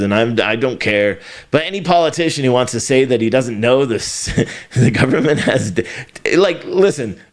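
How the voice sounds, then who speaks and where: A middle-aged man hosting a news commentary show, sarcastic and ranting, laughing often and swearing freely. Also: medium pitch. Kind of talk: casual opinionated commentary.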